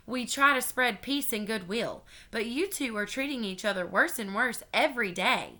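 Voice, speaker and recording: A stern, patient male schoolteacher, as a woman reads him from a storybook lays down the rules and corrects the children's grammar. He speaks firmly and evenly, and the voice stays bright. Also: on the high side, moderate pace. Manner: firm, correcting. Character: stern patient male first-grade teacher.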